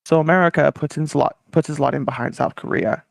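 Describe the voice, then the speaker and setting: Animated gravelly podcast host. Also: mid-range voice, no echo, studio quality. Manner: animated, laughing, fast asides. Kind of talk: casual comedic history retelling.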